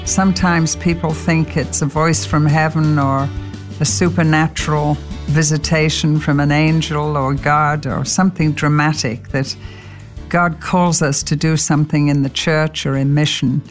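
Older lady preaching, storytelling, jumps way up in pitch for quotes, reverby hall w faint music. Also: level tone, measured pace. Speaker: Bible teacher and speaker. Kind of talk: sermon.

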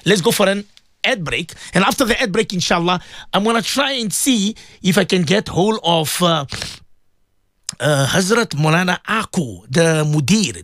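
A man's voice: high-pitched, a bit bright, dry recording, studio quality. A man presenting a religious radio show, speaking fervently and pleading, often repeating himself. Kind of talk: emotional religious radio talk.

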